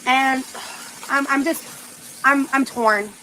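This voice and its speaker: A woman's voice: high-pitched, steady tone, slow, sharp tone, slight background noise, rough recording. A young woman livestreaming in casual chat, talking with valley-girl uptalk and lots of "like".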